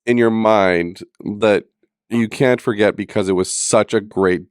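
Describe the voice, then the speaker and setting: A man's voice: lowish voice, fairly even intonation, a little slow, clear, resonant tone, dry recording, clean studio sound. A middle-aged man co-hosting a podcast, chatting casually and teasing with frequent laughs. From Manitoba, Canada. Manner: joking, teasing, laughs often. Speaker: podcast co-host. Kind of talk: casual chat.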